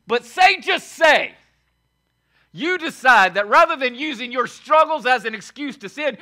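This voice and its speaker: A man preaching a sermon as pastor, emphatic and repetitive, swinging from shouted lines to quiet asides. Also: extremely high pitch, animated, normal speed. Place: church sanctuary.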